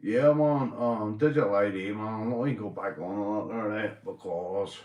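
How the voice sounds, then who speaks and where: A man's voice: lowish voice, moderate pace, echoey room, muffled recording. A tipsy Northern Irish man hosting a livestream, rambling, swearing and laughing often as he chats to viewers. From Northern Ireland. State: tipsy after a few beers. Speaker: livestream host. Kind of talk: casual livestream chat.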